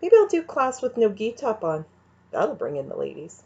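A woman's voice: fairly high pitch, huge pitch swings, normal speed, warm tone, slightly rough, voice pushed up, heavily acted. A woman voicing a cocky adult male karate instructor who teases and boasts, from a dull recording. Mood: teasing. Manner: teasing, boastful.

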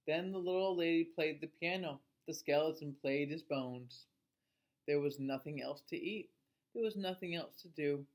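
A male teacher reading a picture book aloud to children in an expressive voice, asking them questions along the way. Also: fairly high pitch, normal speed. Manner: expressive, asks listeners questions.

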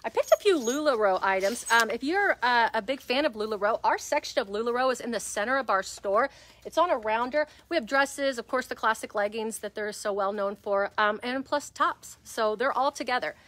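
A woman hosting a live resale-shop sale, describing clothes and prices in chatty, upbeat patter with plenty of fillers, speaking loudly without her own mic in a shop. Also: on the high side, lively intonation, a little fast. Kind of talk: live shopping stream chat. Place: shop interior. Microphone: no microphone, speaking loudly.

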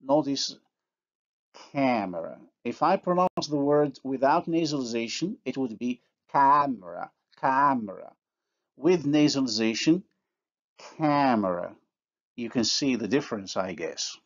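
A man giving a recorded university phonology lecture, speaking deliberately and pausing to pronounce example words. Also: medium pitch, expressive, lo-fi sound.

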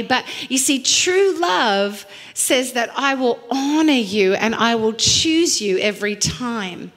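A middle-aged woman pastor preaching a sermon, telling stories with lively acted quotes and emphatic repetition. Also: fairly high pitch, slow pace, hardly any pauses. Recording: long hall reverb.

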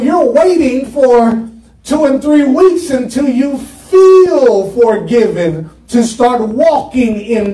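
A man's voice: very high voice, mellow. A man preaching a sermon to his congregation, asking them questions and waiting for their answers. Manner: call-and-response preaching, asks the congregation questions. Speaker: pastor. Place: church sanctuary. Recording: echoey church from far off.

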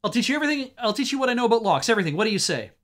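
A man doing a high fawning game thief. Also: huge pitch swings, rapid-fire, full character voice. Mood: pleading. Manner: eager, wheedling. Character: fawning pleading male thief.

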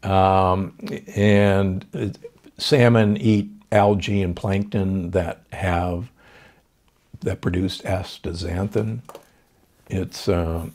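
A man's voice: low-pitched, fairly even intonation, drawn-out words, darkish tone. An older man, a doctor hosting a podcast, giving confident health advice in conversation. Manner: confident, explanatory, with fillers.

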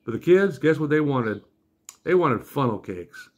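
A man's voice: medium pitch, lively intonation, measured pace. An older man, a grandfather, tells a comic story with a wry, exasperated manner.

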